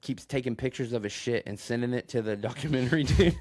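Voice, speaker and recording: A man's voice: mid-range voice, fast, darkish tone. A man recorded on a phone, rambling through a crude story in casual podcast chat and laughing often. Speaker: podcast co-host.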